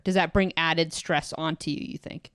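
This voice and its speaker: Woman podcast host, deep smooth voice, dry close mic, earnest. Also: steady tone, moderate pace, no echo. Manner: earnest, appreciative, gently probing. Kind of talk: interview questions and chat.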